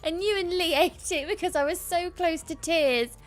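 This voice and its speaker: A woman co-hosting a casual livestream, chatty and quick to laugh as she reads out viewer comments. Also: very high voice, soft background music. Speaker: livestream co-host.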